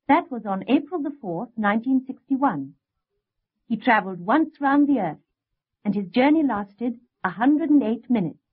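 A woman narrating a language lesson, with a slightly high, husky voice that rises and falls a lot. The sound is tinny and narrow. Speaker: course narrator. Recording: tinny lo-fi tape.

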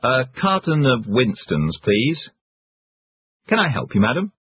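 A man reads short example phrases with a lively, up-and-down delivery. His voice is a little husky, close and dry, squeezed into a tinny, phone-like band. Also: medium pitch, a little slow, no echo. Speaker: English phrase teacher. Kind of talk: scripted example sentences.

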